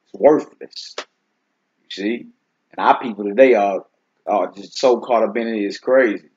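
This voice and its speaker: Laid-back husky man teaching scripture. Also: lowish voice, a little slow, darkish tone. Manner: laid-back, conversational, keeps asking "you see what I'm saying?". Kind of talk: casual Bible teaching chat. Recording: dull lo-fi recording.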